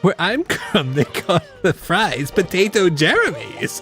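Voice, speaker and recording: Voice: medium pitch, big pitch swings, takes it slowly, few pauses, fairly bright tone, soft background music. A streamer chatting loosely with viewers while playing a game, rambling and often breaking into long fits of laughter. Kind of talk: casual chat with live stream viewers while gaming.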